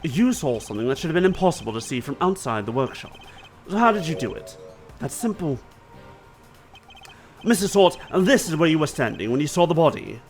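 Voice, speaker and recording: A man reading a cool and calculating prosecutor, lower and softer than his usual voice, who lays out each point in a measured way. Even when he lets his pitch move, his delivery stays steady and confident. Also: soft background music. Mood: coolly probing. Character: cool, calculating male prosecutor pressing a witness.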